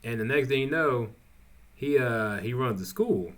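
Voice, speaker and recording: A man casually recapping episodes of a show, rambling and halting, with frequent restarts. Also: mid-range voice, expressive. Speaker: TV show reviewer.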